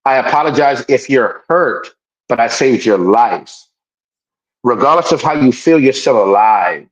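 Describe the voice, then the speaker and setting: Over poor audio, a man with a medium-pitched, animated voice co-hosts a podcast at a measured pace. The casual chat is emphatic and full of repetition and restarted sentences, and he performs quoted people in raised voices.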